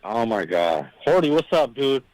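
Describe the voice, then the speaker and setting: A male caller on a live radio show stammers and stumbles over his words, swearing as he goes. His voice is mid-pitched but swings a lot, and the sound is dry. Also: sing-song, moderate pace, a little mellow, dry recording, low-quality recording. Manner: stammering, profane.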